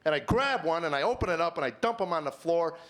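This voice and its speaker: A middle-aged man doing stand-up, telling a story and acting out the dialogue with lively voice shifts. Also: on the high side, fast. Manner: animated, acts out dialogue with voice shifts. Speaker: stand-up comedian. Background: audience laughter.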